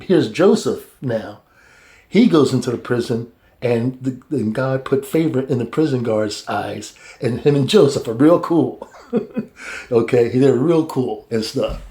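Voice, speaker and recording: Man, Bible study teacher, casual and colloquial, halting with restarts, warm mellow voice. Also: mid-range voice, lively intonation.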